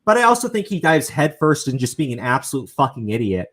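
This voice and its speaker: Brief: male stream host, lively pitch swings, rambling, swears freely. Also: fast. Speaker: show host. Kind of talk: casual commentary stream.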